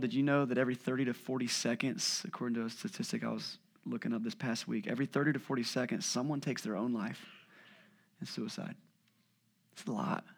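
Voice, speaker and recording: A man in his thirties preaching a sermon as pastor, telling lively stories and acting out family voices, then dropping to a hushed voice on heavy points. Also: mid-range voice, creaky.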